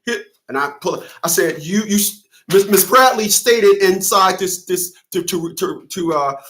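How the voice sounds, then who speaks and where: A man's voice: sits high, measured pace, fairly bright tone. A middle-aged man, a fathers' advocate and host, talking casually and animatedly straight to camera. He rambles and curses, with many restarts. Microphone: camera facing the speaker.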